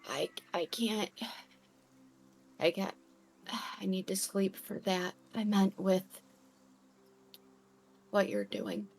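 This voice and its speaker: A woman playing in a tabletop game, talking softly and hesitantly about her character. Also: mid-range voice, very animated, takes it slowly, pauses often, faint music behind. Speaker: player. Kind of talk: casual tabletop play.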